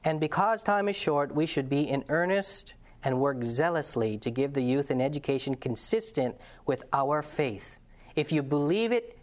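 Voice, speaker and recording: A man preaching a lesson to a congregation, passionate and earnest, telling stories and putting questions to the audience. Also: on the high side. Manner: conversational storytelling with restarts. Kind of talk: sermon-style lesson to a congregation.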